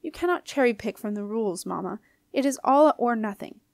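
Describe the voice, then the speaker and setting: A woman's voice: a little high, animated, brisk, creaky, dry recording, clean studio sound. A woman reading aloud and voicing a young ghost queen, earnest and cross, trying to be heard. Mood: insistent.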